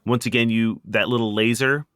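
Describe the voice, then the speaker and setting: A man narrating a tabletop game as game master, quick and lively, laughing now and then. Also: mid-range voice, clean tone, dry recording, clean studio sound.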